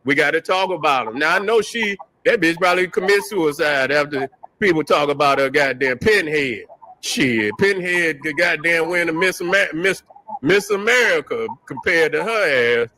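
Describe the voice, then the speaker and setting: A man with a fairly high, bright, forceful voice and lively intonation talks at normal speed. The poor audio carries a little hiss or hum. He's a podcast host on a casual rant, profane and joking, trash-talking and laughing at his own jokes.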